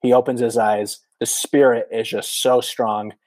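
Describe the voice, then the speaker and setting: A man in his thirties tells a story on a podcast, jumping up high in pitch whenever he acts out a scream or a quote. His voice sits mid-range and the sound is dry and close. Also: measured pace, no room sound, rough recording. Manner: animated storyteller, many "like" fillers, acts out quotes. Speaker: podcast guest, former missionary. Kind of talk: casual storytelling.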